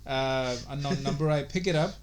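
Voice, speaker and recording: A young man co-hosting a podcast, telling a story in casual chat, animated and profane, laughing as he goes. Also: medium pitch, normal speed, noisy background. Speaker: podcast co-host.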